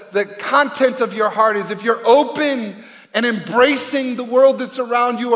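A male pastor preaches in an earnest, conversational way, asking the congregation questions. His voice sits high for a man. The sound carries a long reverb from a large hall. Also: fairly bright tone. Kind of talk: sermon.

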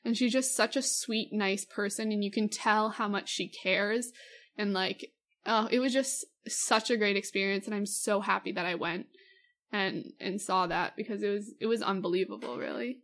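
A woman's voice: medium pitch, fairly even intonation, normal speed, fairly bright tone. A young woman co-hosting a casual podcast, talking in a gushing, enthusiastic way with lots of fillers. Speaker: podcast co-host. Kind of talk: casual chat.

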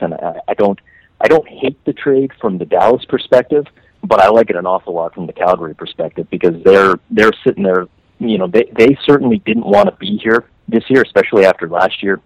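A man from Canada talking hockey on a podcast, animated and full of restarts, his pitch leaping on stressed words. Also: dry recording, low-quality recording. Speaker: hockey writer guest. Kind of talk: casual podcast chat.

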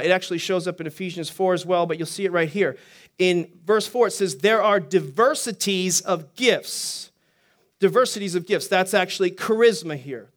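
A pastor delivers a teaching sermon in a high-sitting voice, speaking fast and energetically. He keeps throwing questions out to the congregation.

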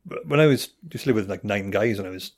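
Low-voiced Welsh man chatting. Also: quick pace, a little mellow. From Wales. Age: 30s. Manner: rambling, chuckling, restarts often. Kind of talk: casual chat.

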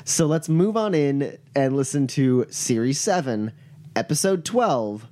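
A man's voice: mid-range voice, animated, measured pace, a little mellow. A man who plays in the game and co-hosts, chatting casually and enthusiastically. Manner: enthusiastic, laughs often. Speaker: player and podcast co-host. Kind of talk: casual chat.

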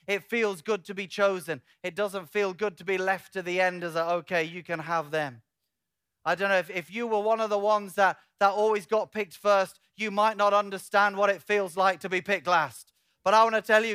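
A pastor delivers a sermon in a high, clear, resonant voice. He is animated and acts out imagined conversations, swinging from hushed to loud. The sound is close and dry, with no room around it. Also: dry recording. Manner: animated preaching, voices an imagined dialogue with shifting loudness.

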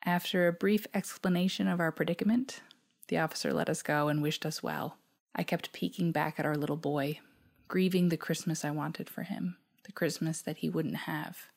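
Her low voice carries vocal fry and fairly even intonation as this woman from Newfoundland reads her own reflection aloud. She sounds soft, measured and reflective, occasionally nearly whispering.

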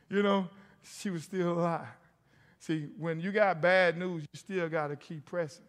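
A man's voice: a little high, steady tone, unhurried. A middle-aged man preaching a sermon as a pastor, telling stories and calling out to the congregation. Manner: storytelling, calls out to the congregation. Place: church sanctuary. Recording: long hall reverb.

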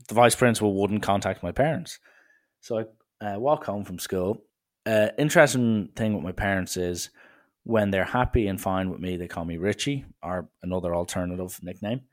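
Brief: young Irish guy, casual rambling storyteller, self-deprecating. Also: lowish voice.

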